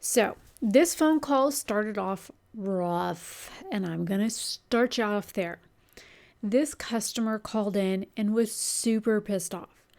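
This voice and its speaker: Woman vlogger, customer service agent, telling a work story casually, mid-pitched and candid. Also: slow, creaky, darkish tone. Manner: chatty, candid, swears casually.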